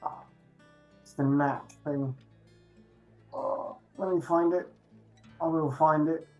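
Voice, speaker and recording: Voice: mid-range voice, steady tone, slow pace, soft background music. A player in a tabletop game, talking casually and reassuringly.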